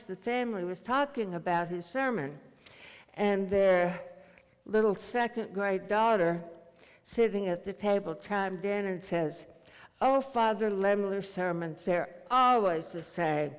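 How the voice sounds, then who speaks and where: Slow, gravelly preacher in an echoing church. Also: medium pitch. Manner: slow, deliberate, repetitive cadence. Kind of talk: sermon.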